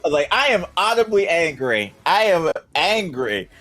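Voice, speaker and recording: A man's voice: measured pace, faint music behind. A man co-hosting a casual tech chat, telling stories with lots of laughter. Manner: animated storytelling, acts out his own reactions in high squeaky voices; laughs a lot. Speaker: podcast co-host.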